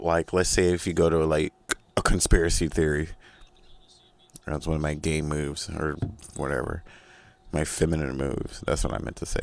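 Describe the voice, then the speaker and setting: A man's voice: rumbling low, vocal fry, no room sound. A man hosting a casual solo podcast, rambling, profane and self-mocking, in a small recording studio. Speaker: podcast host.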